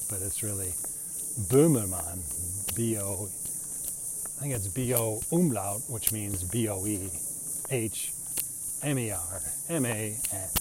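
A man's voice: lowish voice, mellow, a little hiss or hum. A middle-aged American man telling a rambling, chatty story in a casual monologue, laughing often. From United States.

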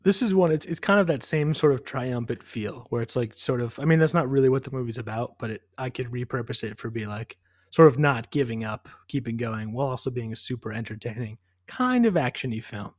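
A man with an average-pitched voice co-hosts a casual podcast. He talks thoughtfully and a bit hesitantly, with self-deprecating humour. The sound is dry and close, with no room echo. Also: expressive, brisk. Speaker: podcast co-host. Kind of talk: casual chat.

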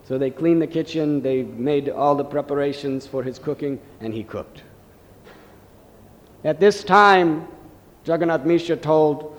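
A man telling a devotional story in a gentle, reverent sermon style. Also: on the high side, unhurried. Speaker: preacher. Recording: long hall reverb.

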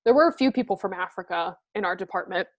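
A woman's voice: medium pitch, expressive, quick pace. A young woman chatting casually with a friend. She talks bluntly, swears freely and fills her sentences with fillers. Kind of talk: casual chat.

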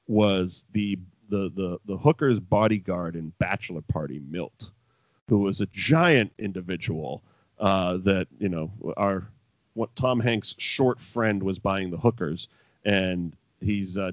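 A man's voice: sits low, dry recording. Rambling, swearing man on a podcast. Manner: rambling, profane, laughing asides. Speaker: podcast co-host. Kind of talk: casual wrestling recap chat. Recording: dull lo-fi dry sound.

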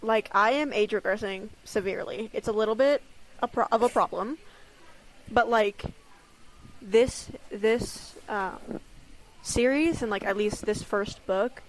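A woman's voice: medium pitch, measured pace, slight background noise. A nineteen-year-old woman in a casual book chat, talking with lots of fillers and sarcastic disbelief. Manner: filler-heavy, sarcastic, incredulous. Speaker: book discussion co-host.

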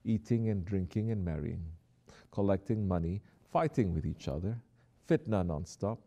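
A man preaching a sermon who exhorts his listeners, drops to soft, quiet asides and then rises to emphatic lines. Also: sits low, expressive, normal speed.

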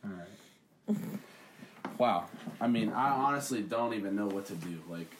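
A man's voice: on the low side, a little slow, noisy background. A young man co-hosting a casual podcast, telling a story with lots of acted-out quotes and swearing. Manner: animated storyteller, acts out quotes, swears freely. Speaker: podcast co-host.

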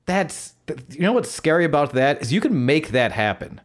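Excitable, swearing man from Buffalo. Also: a little high, normal speed. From Buffalo, New York. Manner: excitable, jokey, swears freely. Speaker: podcast co-host. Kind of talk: casual chat.

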